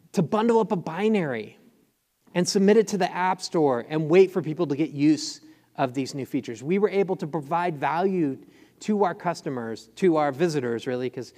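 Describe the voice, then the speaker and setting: A man giving a conference talk, quick and excited, with lots of fillers. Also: on the high side. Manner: fast, enthusiastic, filler-heavy. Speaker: conference speaker. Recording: long hall reverb.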